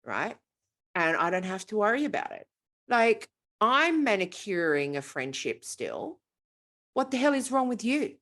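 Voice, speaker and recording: A woman co-hosting a podcast, chatting casually and venting in an animated, exasperated way, swearing freely. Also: medium pitch, measured pace. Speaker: podcast co-host. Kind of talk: casual chat.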